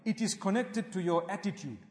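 A man preaching with a high, light voice that rises and falls animatedly. He drops Arabic religious phrases into his English. The sound rings with the long reverb of a large hall. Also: lively intonation, fairly quick. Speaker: Islamic preacher. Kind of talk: sermon.

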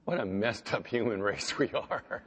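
A man preaching as pastor, talking conversationally and swinging between loud emphasis and quiet asides. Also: fairly low pitch, expressive, moderate pace, breathy edge. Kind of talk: sermon.

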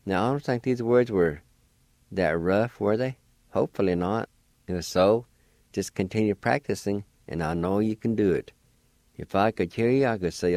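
A man's voice: on the low side, expressive, darkish tone, no echo, studio quality. A man hosting a radio language lesson, pronouncing words syllable by syllable and encouraging listeners. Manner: slow, careful syllable-by-syllable pronunciation. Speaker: radio host and language teacher.

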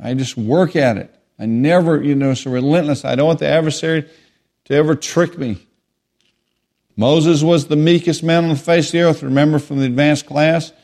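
A man preaching a sermon, emphatic and repetitive, swinging between raised declarations and quiet asides. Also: fairly high pitch, normal speed.

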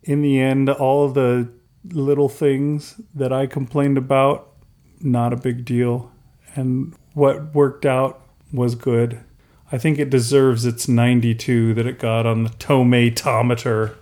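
A middle-aged man talks casually on a podcast, drifting from point to point. He is animated, laughs often and briefly mimics people he quotes. His pitch sits in an ordinary middle range. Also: slow pace. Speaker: podcast co-host. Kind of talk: casual chat.

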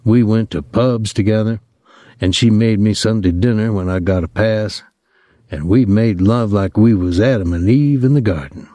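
A man voicing a young soldier who talks in a soft, lazy country drawl. The voice sits low and dark, wry and mocking. The sound is dry and close. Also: normal speed, no room sound, lightly acted. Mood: soft ironic.

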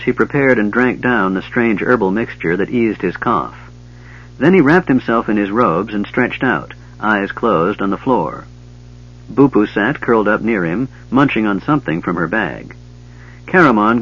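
Husky-voiced man narrating a fantasy audiobook. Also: fairly low pitch, dull audio.

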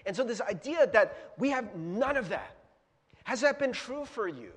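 Pastor guy giving a laid-back chatty sermon, high voice that jumps around a lot, big hall echo. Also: very animated, moderate pace, breathy edge. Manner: casual, chatty, asks the audience questions, laughs often. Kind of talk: conversational sermon. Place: church hall with a projector.

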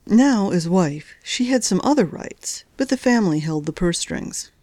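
A woman reading a novel aloud as narrator, in a measured, even storytelling delivery. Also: medium pitch, no room sound. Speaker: audiobook narrator. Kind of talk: scripted narration.

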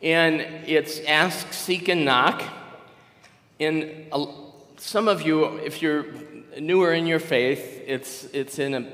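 A man's voice: fairly high pitch, slow, pushed and bright. A man in his sixties giving a conversational sermon as a guest pastor, telling stories with frequent restarts. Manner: conversational, rambling storytelling with restarts. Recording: long hall reverb.

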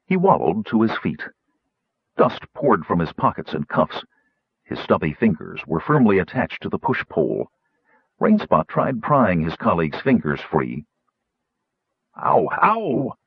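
A husky, expressive audiobook narrator. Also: male voice, low-pitched, normal speed, no echo, muffled recording. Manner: expressive, voices each character.

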